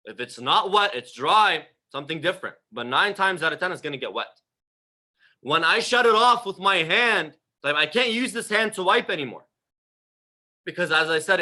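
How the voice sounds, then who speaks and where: A man with a fairly high, bright, forceful voice gives a livestreamed religious talk. He speaks in a conversational, emphatic way, repeating phrases for stress. His voice often drops and trails off softly at the end of a phrase. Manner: conversational, asks the audience questions. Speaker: religious lecturer.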